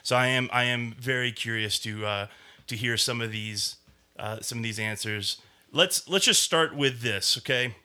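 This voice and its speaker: A man's voice: medium pitch, bright, forceful tone. A man hosting a casual group podcast, hesitant, with many ums and restarts. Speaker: podcast host.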